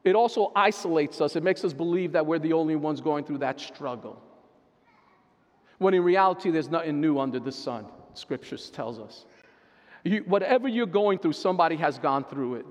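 A man's voice: on the high side, animated, normal speed. A man, a pastor and therapist, preaching a sermon in a conversational way, often checking in with the listeners. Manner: conversational preaching, keeps asking "right?". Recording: long reverb of a large hall.

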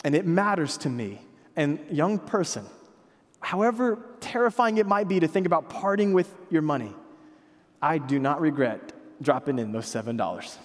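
Pastor, male, 30s; light high voice, chatty sermon delivery with self-mocking humor, church hall with long echo. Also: animated, normal speed. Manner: conversational storytelling preacher, self-deprecating humor. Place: church sanctuary.

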